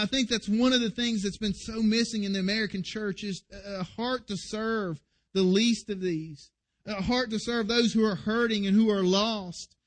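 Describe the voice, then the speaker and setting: High-voiced preacher, earnest. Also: male voice. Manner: earnest, emphatic preaching with rising urgency. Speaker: pastor. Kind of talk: sermon.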